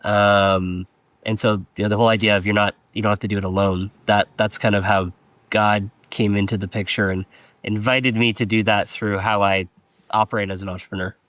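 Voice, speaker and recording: A man with a low voice speaks hesitantly, stopping and restarting as he looks for words. The recording is dry and close. It is a casual podcast chat. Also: little pitch movement, brisk, fairly bright tone, no room sound. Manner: hesitant, many fillers and restarts.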